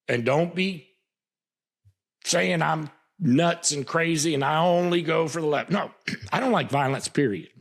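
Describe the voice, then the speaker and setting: Gravelly, husky man ranting. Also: on the high side, animated, unhurried. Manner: passionate, repetitive, stammering restarts. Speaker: podcast host. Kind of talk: political commentary monologue.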